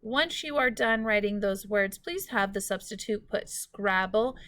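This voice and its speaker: A woman teacher giving a recorded phonics lesson, speaking slowly and clearly and stretching out words for students. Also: mid-range voice, a bit bright.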